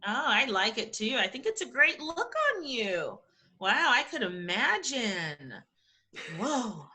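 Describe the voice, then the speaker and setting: Middle-aged female guest, bright slightly high voice, encouraging and complimentary. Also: sing-song, slow pace. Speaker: interview guest, talent agency founder. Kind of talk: casual interview chat.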